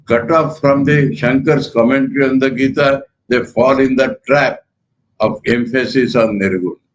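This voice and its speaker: An older man with an Indian accent, a monk giving a spiritual lecture in a measured, emphatic way that repeats key words. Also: mid-range voice, fairly even intonation, lo-fi sound, a little hiss or hum.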